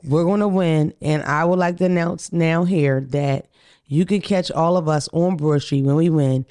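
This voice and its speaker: A man with a high, light voice, chatting on a podcast. He talks in an animated, joking way and swears freely. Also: normal speed. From Philadelphia. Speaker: podcast co-host. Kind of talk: casual chat.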